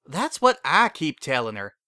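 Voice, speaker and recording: A man's voice: on the high side, huge pitch swings, unhurried, sharp tone, dry recording, studio quality, exaggerated voice. A man voicing a blunt, honest young earth pony mare, teasing and plain-spoken.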